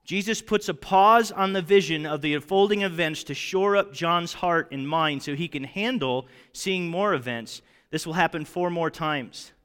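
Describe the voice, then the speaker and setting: A man teaching a Bible lesson as a sermon, conversational and animated, often checking his listeners follow. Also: a little high, moderate pace, hardly any pauses, clean tone. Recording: long hall reverb.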